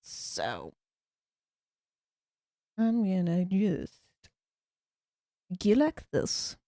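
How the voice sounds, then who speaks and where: A woman's voice: mid-range voice, very slow, no echo, clean studio sound. A woman with a Northern English accent hosting a live stream from a home room, chatting and gushing with thanks, full of fillers. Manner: gushing, excitable, many fillers. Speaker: livestream host. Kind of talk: live reaction stream chat.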